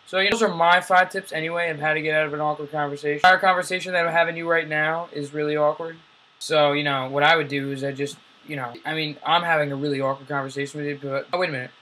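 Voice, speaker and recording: Young male vlogger, quick rambling comic delivery, slightly high voice, playful and self-mocking. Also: fairly even intonation, pushed and bright, low-quality recording. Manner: rambling, self-deprecating, playful with acted-out quotes. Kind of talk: casual comedic vlog.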